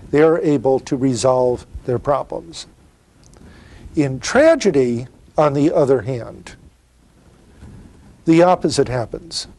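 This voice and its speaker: Patient and fond of rhetorical questions, a middle-aged man lectures on literature in university fashion. His voice is on the high side but dark in tone.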